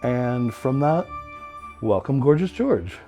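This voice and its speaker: A man's voice: medium pitch, sing-song, slow, warm tone, faint music behind. Campy tattoo artist man showing off. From California. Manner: refers to himself in third person, campy and theatrical. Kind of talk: playful self-promoting home tour.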